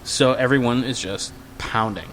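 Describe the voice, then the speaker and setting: His mid-range voice moves at normal speed as he shares a drunken convention story on a laid-back podcast. Quoting others, he acts the lines out in a raised, animated voice, with slight noise in the background.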